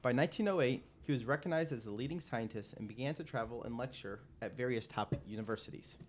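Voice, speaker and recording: A man's voice: medium pitch, quick pace. A man co-hosting a casual podcast, telling a trivia story with frequent laughs and restarts. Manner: laughs often, stumbles and restarts. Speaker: podcast co-host.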